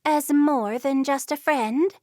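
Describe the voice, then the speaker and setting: A woman's voice: high-pitched, takes it slowly, darkish tone, dry recording, clean studio sound, voice pushed up. A woman voicing a firm, prying middle-aged Amish mother in a storybook reading. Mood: stern.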